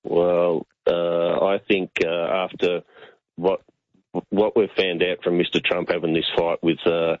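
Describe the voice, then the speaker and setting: Very deep, flat male caller. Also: no room sound. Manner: hesitant, halting, full of fillers. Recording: muffled phone line.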